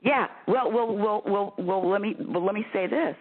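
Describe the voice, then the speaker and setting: A woman hosting a spiritual advice show over a call-in line, talking in a lively, laughing way and repeating her words. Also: mid-range voice, moderate pace. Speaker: spiritual talk show host. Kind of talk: phone-in radio advice chat. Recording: tinny phone line.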